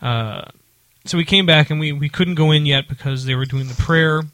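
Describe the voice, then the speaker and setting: Bright-voiced man telling a rambling story. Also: fairly high pitch, normal speed, no room sound. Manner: rambling, many fillers and restarts. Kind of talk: casual storytelling chat.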